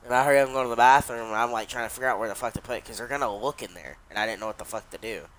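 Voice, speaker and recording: A man's voice: medium pitch, racing, a bit bright. A young adult man casually telling a long story while he streams a game, rambling and swearing, with many restarts.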